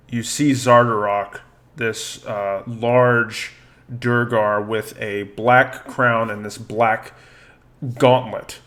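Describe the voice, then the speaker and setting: A man narrating as dungeon master of a tabletop game, unhurried and peppered with ums and uhs as he describes each scene. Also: fairly low pitch, fairly bright tone.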